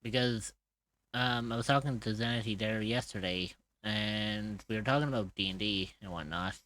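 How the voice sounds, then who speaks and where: A man's voice: lowish voice, normal speed, fairly bright tone, a little hiss or hum. A man streaming while drawing, chatting casually, swearing freely and laughing often.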